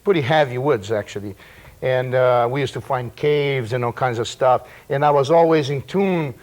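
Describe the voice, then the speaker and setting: A man with a Brazilian Portuguese accent, a native Portuguese speaker, gives a relaxed percussion class, rambling loosely and dropping in vocal sound effects. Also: medium pitch, moderate pace. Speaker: percussion teacher. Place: room with percussion table. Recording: loud percussion noise and clicks.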